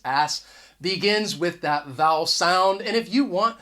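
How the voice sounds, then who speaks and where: An English teacher gives a relaxed video lesson straight to camera, chatting conversationally, frequently restarting words and leaning on the key points. Her voice is medium in pitch, animated, slightly slow, pushed and bright. It's captured on the camera's built-in mic.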